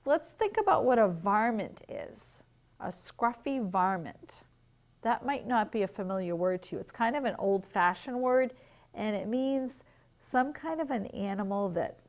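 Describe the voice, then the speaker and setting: At home, a woman teacher with a medium-pitched voice reads a picture book to young children, gently asking them questions and explaining words.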